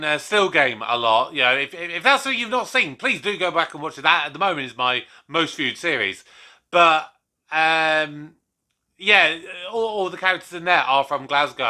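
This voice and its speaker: A man hosting a reaction video talks in a loose, rambling way, as if chatting to his viewers. His voice is slightly high and very bright. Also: animated, normal speed. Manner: chatty, rambling, laughs along readily. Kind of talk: casual reaction commentary.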